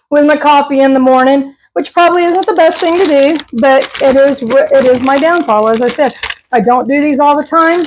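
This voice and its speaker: A woman's voice: high-pitched, background noise. A middle-aged woman, chatting casually to camera at home on a clip-on mic, rambling and laughing often. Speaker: vlogger. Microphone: clip-on microphone.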